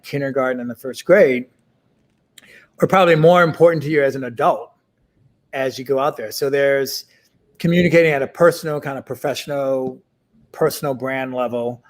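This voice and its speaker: Halting middle-aged man in conversation. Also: a little high. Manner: halting, full of fillers and restarts. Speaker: interview guest. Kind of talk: casual interview conversation.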